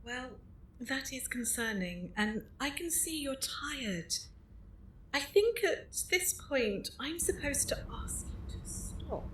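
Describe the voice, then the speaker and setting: A woman's voice: high-pitched, very animated, slow, slight background noise, heavily acted. A woman playing an earnest library supervisor who speaks in a formal, old-fashioned way, recorded in an echoey room.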